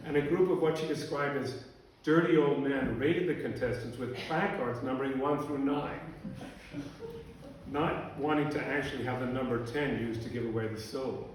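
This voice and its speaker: A man reading a humorous account to a live audience in a dry, deadpan way. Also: fairly high pitch, slight background noise. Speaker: storyteller. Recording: echoey room from a distance.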